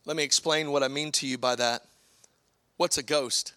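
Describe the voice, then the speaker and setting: A man preaching a sermon, impassioned, swinging from shouts to hushed, drawn-out phrases. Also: mid-range voice, steady tone, clear, resonant tone. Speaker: pastor.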